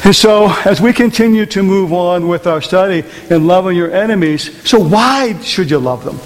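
High-voiced preacher in a reverberant hall. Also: male voice, lively intonation, moderate pace. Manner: conversational preaching with many rhetorical questions to the congregation. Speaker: pastor. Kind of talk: sermon. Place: church hall.

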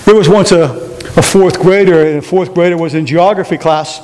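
High-voiced preacher in a reverberant hall. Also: male voice, fairly even intonation, a little mellow. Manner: questions the audience, repeats key phrases, slow emphatic delivery. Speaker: pastor. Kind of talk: sermon to a congregation. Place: church sanctuary.

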